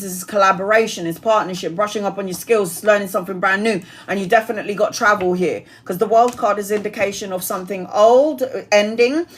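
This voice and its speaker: This tarot reader, a woman in her forties with a medium-pitched voice, is reading cards live on a stream. Her manner is talkative and direct, with casual cursing and rapid-fire lists of what each card means.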